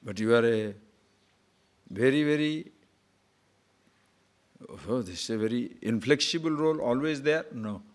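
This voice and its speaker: An older man giving a spiritual discourse as a teacher, animated, asking rhetorical questions and chuckling now and then. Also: mid-range voice, a little slow, long pauses.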